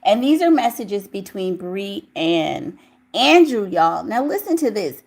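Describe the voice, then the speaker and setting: A woman's voice: mid-range voice, very animated, measured pace. A woman commentating on celebrity gossip, reading news aloud and breaking off with outspoken, incredulous reactions. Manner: outspoken, incredulous, exclaims loudly.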